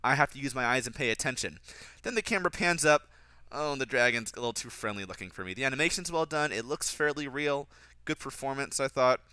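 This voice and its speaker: A man's voice: expressive, fast, sharp tone, clear, resonant tone, dry recording. A man giving casual film commentary, critical of the script and mocking its lines. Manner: critical, mocks dialogue in a higher voice.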